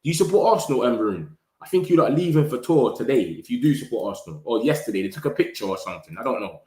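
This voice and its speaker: A man hosting a fan live stream, reading comments in slangy, animated chat. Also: medium pitch, rapid-fire, reverberant. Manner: slangy, animated, hypes viewers. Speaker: fan channel host.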